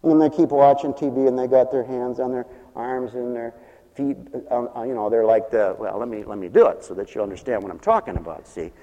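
A male pastor giving a lively sermon, acting out the voices of the people in his stories and laughing often. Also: mid-range voice, brisk, lo-fi sound. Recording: long reverb of a hall.

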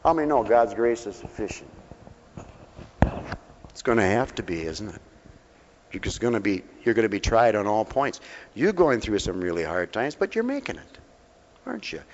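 A man's voice: medium pitch, lively intonation, normal speed, vocal fry, pauses often. A man preaching a folksy sermon in a mission hall, coaxing listeners with questions and calling them honey. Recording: dull reverberant hall recording.

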